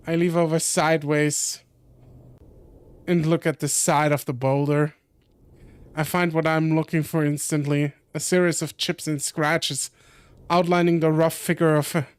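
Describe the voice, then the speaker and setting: A young man streaming, reading a visual novel aloud with commentary, slowly and often correcting himself. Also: fairly high pitch, clean tone, no echo. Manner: slow reading with frequent self-corrections.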